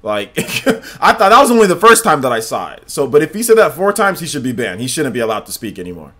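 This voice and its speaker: A man streaming gameplay live, talking to his chat in an animated, repetitive way. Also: mid-range voice, fast. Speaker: gaming livestreamer.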